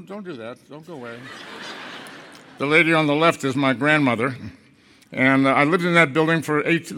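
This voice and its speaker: An older man from Boston tells wry anecdotes to an audience in a relaxed way, often restarting his phrases. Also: medium pitch. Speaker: guest speaker. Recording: echoey hall.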